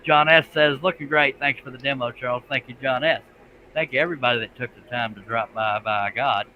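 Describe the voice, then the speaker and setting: A man's voice: medium pitch, brisk, dull audio, a little hiss or hum. A man hosting a casual late-night live stream, folksy in his talk. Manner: folksy, says "by God" and "Amen".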